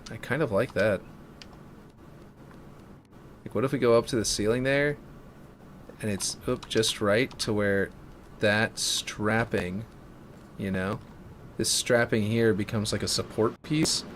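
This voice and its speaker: Low-voiced man streaming and thinking aloud. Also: steady tone, slow pace, pauses often, a bit bright, a little hiss or hum. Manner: thinks aloud while working, chatty and self-mocking. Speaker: live streamer building a game map. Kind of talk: casual live-stream commentary.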